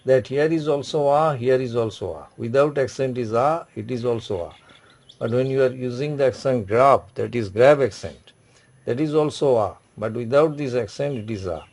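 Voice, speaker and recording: A man's voice: mid-range voice, normal speed, darkish tone. Man teaching a French class. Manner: repetitive, instructive, frequent "okay" and "say". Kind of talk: classroom language lesson.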